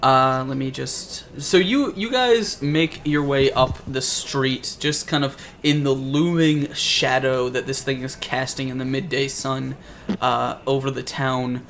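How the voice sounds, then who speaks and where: A man's voice: mid-range voice, unhurried, gravelly, a bit bright, slight background noise. A man narrating as game master for a tabletop game, rambling and searching for words as he describes scenes.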